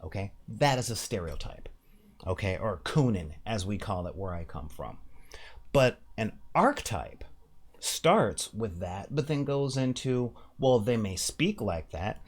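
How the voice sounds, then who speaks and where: A man hosting a casual monologue about tabletop gaming, emphatic and animated, slipping briefly into mock voices to make a point. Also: lowish voice, normal speed, breathy edge. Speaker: podcast host.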